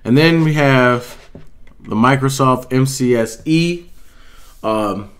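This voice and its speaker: A man's voice: mid-range voice, takes it slowly. A man, an IT instructor, giving a casual walkthrough of certifications in a conversational way, with frequent fillers and self-corrections.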